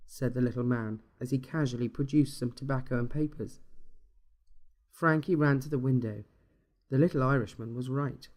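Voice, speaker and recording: A man reading a dark short story aloud in a steady, measured storytelling manner. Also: medium pitch. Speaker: narrator.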